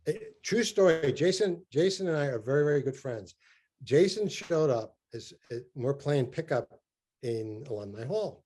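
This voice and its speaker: A man's voice: medium pitch, a little mellow. A man, a former college basketball player, telling stories on a podcast video call, stumbling and repeating words as he talks. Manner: halting, repeats words, mimics his old coach. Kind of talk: casual storytelling on a video call.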